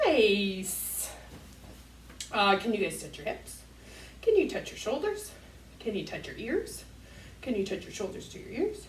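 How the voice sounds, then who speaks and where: A woman's voice: mid-range voice, wildly swooping pitch, measured pace, pauses often, recorded from a distance, slight background noise. A woman leading a children's yoga class, playful and encouraging, making animal sounds for the kids. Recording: roomy echo, voice from off mic.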